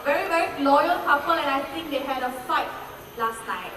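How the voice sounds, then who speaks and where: A woman's voice: high voice, moderate pace, noisy background. A woman presenting a live bird show to an audience, chatty and playful as she coaxes the birds along. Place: outdoor bird show amphitheatre. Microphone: PA microphone heard from a phone in the audience. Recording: loud PA echo, recorded from far off.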